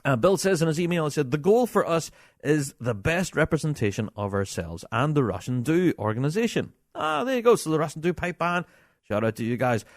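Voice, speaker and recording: A middle-aged man, hosting a podcast in a chatty, animated way, reading listener emails aloud and laughing often. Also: a little high, no room sound, studio quality. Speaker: podcast host.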